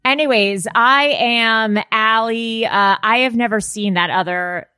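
Bright, slow-talking woman podcast host. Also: on the high side, clean tone, dry recording, clean studio sound. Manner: playful, dramatic exclamations. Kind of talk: casual chat.

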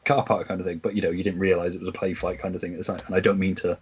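A man's voice: low-pitched, little pitch movement, rapid-fire, husky, dull audio. A man in casual podcast chat, blunt and matter-of-fact, swearing freely. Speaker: podcast host or guest.

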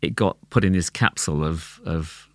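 London man talking animatedly, low voice. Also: moderate pace, dry recording. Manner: animated, laughs often, repeats words while thinking. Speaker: tabla player, guest. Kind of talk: casual conversation.

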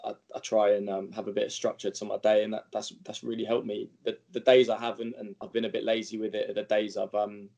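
Gravelly footballer answering, halting. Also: male voice, fairly low pitch, level tone, a little mellow. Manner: halting, many restarts and fillers. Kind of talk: interview answers.

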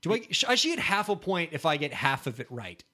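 Podcast guy thinking out loud, rambly and jokey about himself, voice a bit on the high side. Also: big pitch swings, quick pace. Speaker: podcast co-host. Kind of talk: casual chat.

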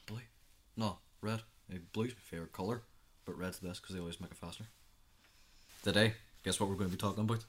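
This is a boy of thirteen with a low voice, co-hosting a youth podcast. He chats casually, tells anecdotes and acts out what he and his friends said. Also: fairly even intonation, fast talker, long pauses, fairly bright tone. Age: 13, teenager. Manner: chatty storyteller, acts out his own reactions. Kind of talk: casual chat.

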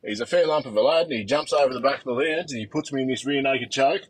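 A man's voice: medium pitch, fast, husky, dry recording. An Australian man from northern New South Wales, a father, calling in with a crude, self-mocking story. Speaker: caller, father. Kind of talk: phoned-in anecdote.

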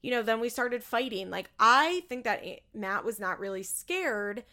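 A woman's voice: fairly high pitch, lively intonation, normal speed, bright, forceful tone. A woman chatting casually as a podcast host, opinionated and swearing freely, acting out what others said in bigger voices. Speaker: podcast host recapping a reality show. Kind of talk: casual chat.

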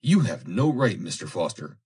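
A man's voice: on the low side, very animated, moderate pace, a little mellow, slightly rough. A man voicing a proud young woman who coolly rebuffs an insistent suitor, in a prim, reproving manner. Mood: angry.

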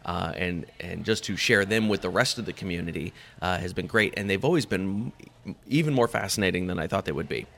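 A man's voice: low-pitched, fairly quick, vocal fry, fairly bright tone. A man, a podcast host, talking casually in an interview, rambling with many fillers and restarts and laughing easily. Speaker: podcast host, guest on another show.

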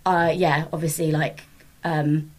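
A woman from England, a podcast guest, talking casually in a halting way full of fillers. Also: sits low, little pitch movement, a little mellow. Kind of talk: casual conversation.

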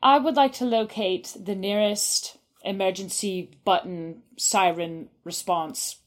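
A woman's voice: medium pitch, fairly even intonation, takes it slowly. A woman playing a tabletop role-play, decisively explaining her moves. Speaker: player.

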